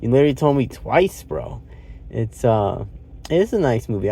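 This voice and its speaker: A man's voice: medium pitch, big pitch swings, moderate pace, gravelly, mellow, breathy edge. A man talking through a movie review in a casual, rambling way, swearing now and then and laughing often.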